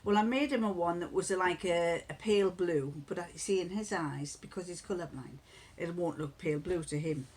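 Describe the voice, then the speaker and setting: A middle-aged woman chatting on her crafting vlog, wandering from one family story to the next. She talks in loose, looping sentences full of restarts. She chuckles often as she goes, with a warm, easygoing storytelling manner. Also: lowish voice, normal speed, slightly rough. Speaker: crafting vlogger. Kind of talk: casual chat.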